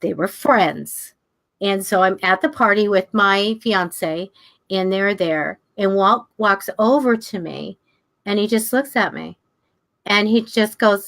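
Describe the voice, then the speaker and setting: An older woman teaching a class, telling stories in a chatty, animated way and jumping high in pitch when she acts out the people she quotes. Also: a little slow. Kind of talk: casual storytelling to a class.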